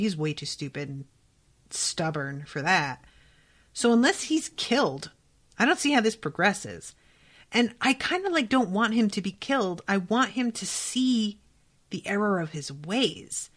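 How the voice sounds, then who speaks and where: A woman hosting a casual book-reaction podcast, reading passages aloud and reacting with expressive, profane outbursts. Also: mid-range voice. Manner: expressive and profane, swings between quiet reading and excited outbursts. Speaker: podcast host.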